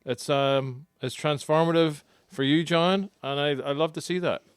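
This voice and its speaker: A man who co-hosts a podcast and coaches golf, explaining his drill step by step in a relaxed chat. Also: a little high, moderate pace, smooth, no echo, studio quality.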